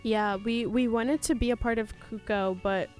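A woman's voice: fairly high pitch, fairly even intonation, normal speed, darkish tone, soft background music. A young woman co-hosting casual chat, laid-back and full of fillers as she tells a story. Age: young adult. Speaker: co-host.

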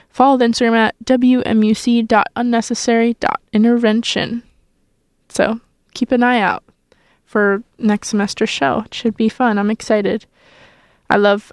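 A woman's voice: fairly high pitch, no room sound, studio quality. A young woman in her twenties hosting a college radio show, chatting casually and self-consciously, with lots of rambling and fillers. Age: 20s. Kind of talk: casual on-air chat.

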